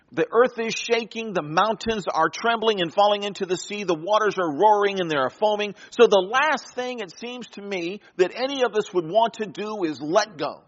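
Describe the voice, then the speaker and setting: Male pastor, fairly high voice, storytelling sermon, dull lo-fi recording. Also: big-room sound. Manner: storytelling, dramatic pauses and soft drops.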